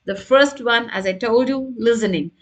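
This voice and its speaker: A woman's voice: a little high, normal speed. A woman teaching an online exam prep lesson, explaining step by step and checking in with her listeners. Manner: explanatory, checks in with "right?" and "got it?".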